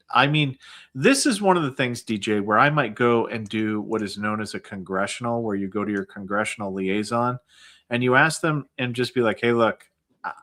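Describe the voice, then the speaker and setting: A man's voice: lowish voice, bright, forceful tone. Man explaining veterans claims, filler-heavy. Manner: explains steadily with many fillers like "I mean" and "like". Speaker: guest, veterans benefits adviser. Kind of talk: casual livestream conversation.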